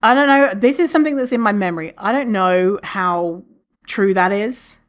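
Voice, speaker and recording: A woman hosting a podcast alone, chatting casually, swearing freely and laughing often, with many restarts. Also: moderate pace. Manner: animated, lots of restarts, acts out quotes in a higher voice. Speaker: podcast host. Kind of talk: casual solo podcast talk.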